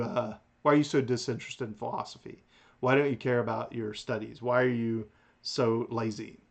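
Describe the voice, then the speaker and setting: A man teaching a philosophy class in a recorded lecture, talking in a lively way with restarts and chuckles. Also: medium pitch, creaky. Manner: animated, lively delivery with frequent restarts and chuckles. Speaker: philosophy instructor.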